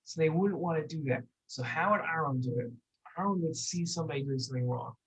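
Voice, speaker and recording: A children's Torah teacher telling a lesson story, gentle and repeating words for emphasis. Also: mid-range voice, fast, poor audio.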